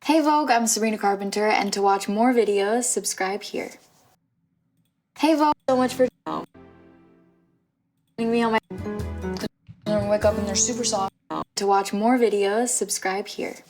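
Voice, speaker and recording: A woman's voice: mid-range voice, moderate pace, pauses often, a little mellow. A young woman chatting playfully through a tour of her home at night, giggling often. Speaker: singer giving a home tour. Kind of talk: casual video tour. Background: music.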